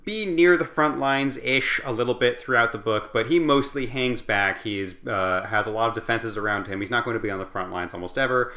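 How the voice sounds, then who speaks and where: A tipsy man rambling through a casual comedic book recap, full of fillers, asides and little tangents. His voice is bright and forward, never dark or mellow, and it sits in an ordinary middle pitch. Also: brisk, few pauses, echoey room. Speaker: host.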